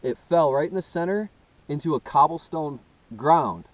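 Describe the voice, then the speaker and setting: A man earnestly telling a first-person story, halting and often restarting as he searches for words. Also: on the high side, animated, no echo, poor audio. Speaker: personal testimony speaker.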